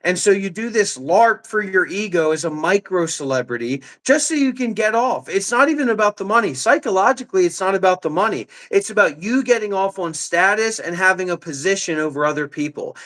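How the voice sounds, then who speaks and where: Brief: a heated male streamer in his thirties, slightly high voice, accusatory rant. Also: expressive, a little fast, hardly any pauses, a bit bright. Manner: ranting, accusatory, reads chat messages aloud. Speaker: livestreamer. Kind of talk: heated live commentary.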